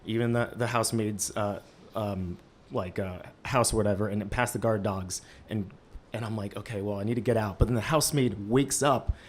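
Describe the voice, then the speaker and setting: A man's voice: fairly low pitch, moderate pace, a little hiss or hum. Young man telling a live story. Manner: lively, heavy use of "like" fillers. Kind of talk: live first-person storytelling. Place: stage of a small live-event venue.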